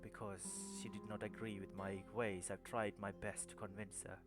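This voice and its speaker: A man voicing a defeated male clan leader who speaks in a trembling, sobbing, halting voice. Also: fairly low pitch, level tone, loud music behind the voice, natural voice. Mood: despairing.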